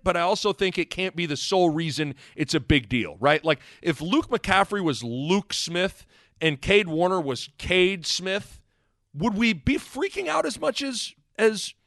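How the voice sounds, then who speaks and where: A man co-hosting a casual sports podcast, his voice sitting a bit high and swinging widely in pitch. He rambles and restarts his sentences. The sound is dry and close. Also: dry recording. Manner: rambling, self-correcting, animated. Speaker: podcast co-host.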